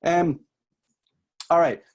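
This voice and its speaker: A man's voice: on the high side, drawn-out words. A middle-aged man from New Brunswick with a mixed Canadian-Irish accent, giving a chatty, self-deprecating workshop talk to an audience. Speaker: workshop speaker.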